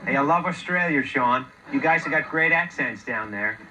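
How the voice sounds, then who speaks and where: An actor playing a friendly, laid-back American saxophonist in a comedy interview sketch. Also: male voice, mid-range voice, lively intonation, normal speed, over a noisy crowd, lightly acted, low-quality recording. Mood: breezy.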